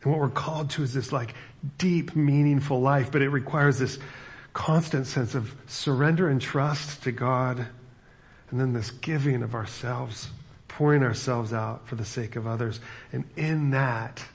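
Man, middle-aged, pastor, gravelly, casual sermon, storytelling with fillers. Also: medium pitch, fairly even intonation, a little slow.

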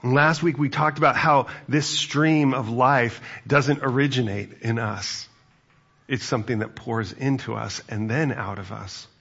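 Man preaching a sermon, gravelly and husky, earnest and reflective, dull lo-fi sound. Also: mid-range voice, fairly even intonation, unhurried, fairly bright tone. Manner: earnest, reflective, with frequent restarts. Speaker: pastor.

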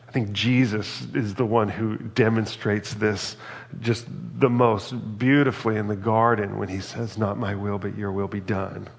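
A man's voice: lowish voice, level tone, measured pace, vocal fry, in a large hall. A man preaching a reflective, earnest sermon and reading scripture aloud. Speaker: pastor.

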